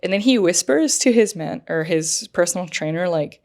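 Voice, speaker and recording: A woman's voice: lowish voice, animated, normal speed, darkish tone. A woman co-hosting a podcast, casually retelling a story with lots of fillers and laughs. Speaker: podcast co-host. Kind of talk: casual chat.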